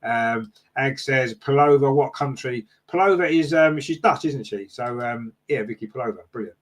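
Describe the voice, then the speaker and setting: Guy hosting a fan podcast, middle pitch, rambly, lots of um and "isn't it", reading chat comments out. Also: normal speed. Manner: rambling, many fillers and tag questions.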